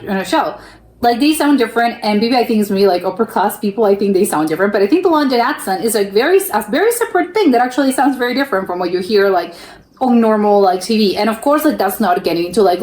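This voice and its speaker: A woman's voice: mid-range voice, a little mellow. Woman, from the United States, casual reaction commentary, rambling filler-heavy talk, roomy echo. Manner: rambling, heavy use of "like", frequent restarts and laughs. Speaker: reaction video host.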